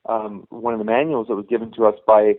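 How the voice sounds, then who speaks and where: A man's voice: lowish voice, little pitch movement, quick pace. Middle-aged man rambling over a tinny line. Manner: rambling, many restarts and "you know". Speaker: youth hockey coach, guest. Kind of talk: casual storytelling interview. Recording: tinny phone-line sound.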